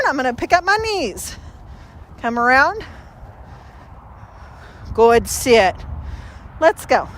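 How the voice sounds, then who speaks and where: A woman's voice: sits high, a bit bright, a little hiss or hum. A woman dog trainer giving a casual training demonstration, chatting with many fillers and breaking off for short, upbeat praise to the dog.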